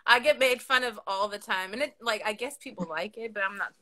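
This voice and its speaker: A woman with a lisp hosting a casual chat, animated and quick to swear and laugh. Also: medium pitch. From Southern California. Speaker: podcast host.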